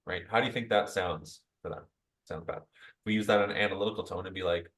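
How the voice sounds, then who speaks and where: A man giving a conversational sales training talk to a group, upbeat and chatty, tagging most points with a quick "right?". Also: fairly low pitch, fairly bright tone, low-quality recording. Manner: upbeat coaching tone, addresses group directly. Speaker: real estate sales trainer.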